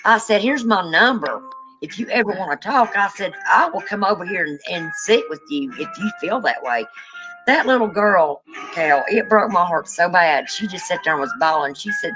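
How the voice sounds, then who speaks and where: A woman co-hosting a livestream in casual chat, telling a long story and jumping up in pitch when she quotes people. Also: normal speed, music in the background, poor audio. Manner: animated storyteller, rises high when quoting. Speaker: livestream co-host.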